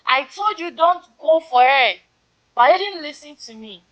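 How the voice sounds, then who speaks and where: A woman's voice: sits high, expressive, moderate pace, a bit bright, lo-fi sound. A Ghanaian woman playing a young woman who coaxes and soothes a heartbroken male friend. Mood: coaxing. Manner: coaxing, soothing.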